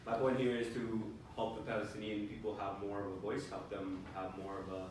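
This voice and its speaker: A young man, a student, giving a halting impromptu answer with many fillers at a workshop. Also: fairly low pitch, completely flat delivery, a little hiss or hum. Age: young adult. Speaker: student participant. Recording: distant, very echoey room with faint ambience.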